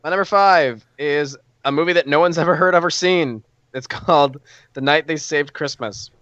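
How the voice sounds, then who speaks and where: A man's voice: fairly high pitch, normal speed, fairly bright tone, no room sound. Man, podcast co-host, enthusiastic, full of fillers, dull dry recording. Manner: enthusiastic, filler-heavy storytelling. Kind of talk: casual chat.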